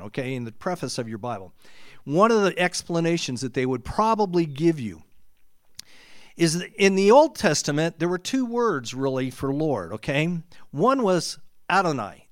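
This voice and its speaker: A man preaching a sermon, shifting from relaxed, conversational teaching to a rising, shouted climax. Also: a little high, dry recording, studio quality.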